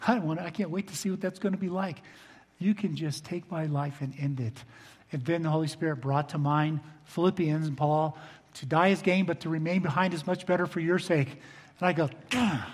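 An older man delivers a sermon in a church, his voice somewhat high and husky. He leans hard into emphatic phrases, then falls back to soft, low remarks. The long reverb of the large hall trails after every word. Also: steady tone, brisk. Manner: earnest, swings between loud emphasis and soft low asides. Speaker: pastor. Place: church sanctuary.

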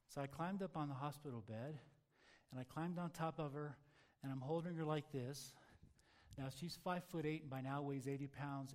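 A man telling a personal testimony in an earnest, halting way, dropping soft and low at times. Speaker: testimony speaker.

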